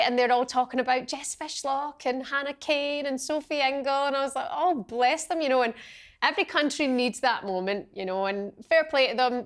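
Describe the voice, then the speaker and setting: Woman podcast host, slightly high voice, chatty and excitable. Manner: chatty, exclamatory, tells anecdotes. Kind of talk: casual chat.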